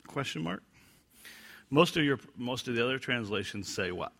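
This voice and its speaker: A man's voice: mid-range voice, moderate pace. A man teaching a Bible passage verse by verse, joking about his own gags and acting out the quotes he reads. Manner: acts out quotes in lively put-on voices.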